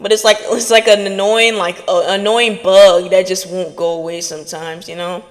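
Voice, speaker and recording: A woman's voice: on the low side, level tone, normal speed, big-room sound. A woman hosting a podcast, giving an earnest motivational talk straight to her listeners. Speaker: podcast host.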